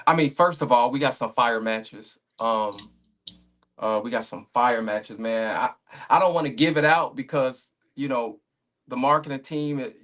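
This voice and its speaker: A man with a medium-pitched, slightly bright voice talks as a league owner guest on a remote podcast call. He's laid-back and rambling, full of fillers and restarts.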